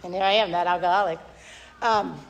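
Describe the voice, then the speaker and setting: A woman's voice: lowish voice, steady tone, a little fast, gravelly, lo-fi sound, a crowd in the background. A woman giving a candid, self-deprecating recovery meeting share at a podium mic, rambling with many fillers. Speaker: AA speaker. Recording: long hall reverb.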